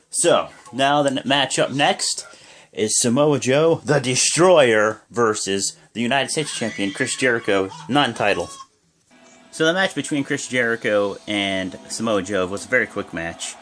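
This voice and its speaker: A man's voice: mid-range voice, unhurried, a bit bright. A sleepy young man giving rambling, casual reaction commentary, often stopping to correct himself. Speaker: wrestling reaction vlogger.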